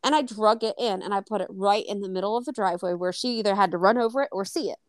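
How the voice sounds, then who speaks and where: A woman co-hosts a casual chat podcast in a middle-pitched voice. She tells stories in a lively way, acting out the quotes and swearing freely. The sound is dry and close, with no room echo. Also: quick pace. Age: adult. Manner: animated, acts out quoted dialogue, swears freely. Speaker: podcast co-host.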